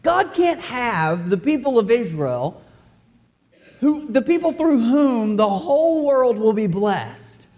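A man's voice: very high-pitched, very animated, slow, darkish tone. A man preaching a sermon in a church, loose and conversational, cracking jokes and speaking straight to the congregation. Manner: joking, conversational, addresses the congregation directly. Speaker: pastor.

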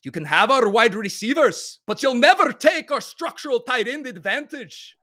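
A defiant, rousing warrior bellows his battle cry in a mock Irish-Scottish brogue, as a man puts it on for a podcast. His voice sits far above his usual pitch, loud and bright. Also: lively intonation, moderate pace, exaggerated voice. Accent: put-on Irish-Scottish blend. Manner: rousing put-on accent, bellowed.

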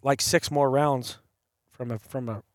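A man's voice: medium pitch, steady tone, a little slow, no room sound, clean studio sound. A man telling a long hunting story in casual chat as a podcast host, acting out the voices of people he quotes. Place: campside.

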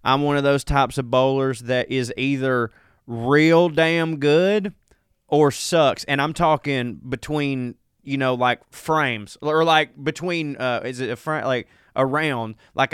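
Folksy Southern man, smooth dry voice. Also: mid-range voice, a bit bright, dry recording. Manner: joking, folksy, self-mocking. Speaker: comedy podcast co-host. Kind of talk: casual chat, reading listener emails.

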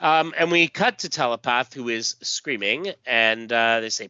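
A man's voice: medium pitch, measured pace, bright, forceful tone, clear, resonant tone, no echo, dull audio. A man casually recapping a comic book story, with many fillers and acted lines. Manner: reads dialogue in voices, many fillers. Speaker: podcast host reading a comic aloud.

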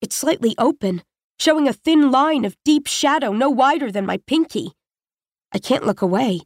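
A woman narrates a tense first-person story in a measured, intimate way. Her voice sits a little high for a woman. The recording is dry and close, with no room sound. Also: expressive, no echo.

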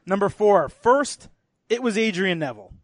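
A man with a high voice, upbeat as he introduces each segment and hands questions to his co-hosts. He is recorded dry and close. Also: animated, moderate pace, dry recording. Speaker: podcast host running segments. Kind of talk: casual wrestling podcast chat.

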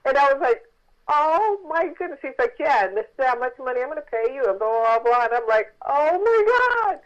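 A woman author telling a story in a phone interview, lively and acting out the voices of the people she quotes. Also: a little high, quick pace, muffled recording.

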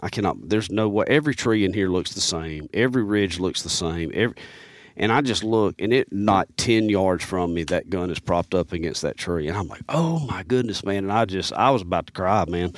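A man with a deep, low-pitched voice spins a long, meandering yarn as a podcast guest. He keeps circling back with "man" and "you know." The studio sound is dry and close. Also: fairly quick, no echo. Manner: rambling, animated, peppers speech with "man". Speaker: podcast guest, turkey hunter. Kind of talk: casual storytelling.

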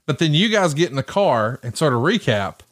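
A man's voice: fairly high pitch, very animated, fairly quick. A middle-aged man from Alabama with a Southern accent, co-hosting a casual wrestling podcast, enthusiastic and teasing, with some swearing. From Alabama, USA. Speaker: podcast co-host.

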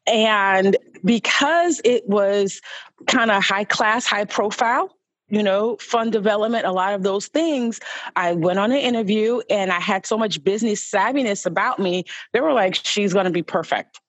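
A middle-aged woman from New York, a podcast guest recounting her life in an animated way and repeating words for emphasis. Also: mid-range voice, moderate pace, dry recording. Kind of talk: personal storytelling in conversation.

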